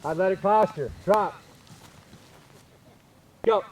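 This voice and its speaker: A man coaching baseball infielders on a field, calling out short, energetic drill cues and explaining technique. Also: high-pitched, slow pace, a little hiss or hum.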